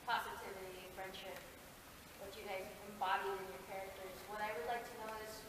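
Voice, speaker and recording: A woman's voice: medium pitch, level tone, brisk. Woman fan, earnest question, distant roomy recording with background noise. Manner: earnest, heartfelt. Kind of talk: audience question. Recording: echoey hall from far off with noise.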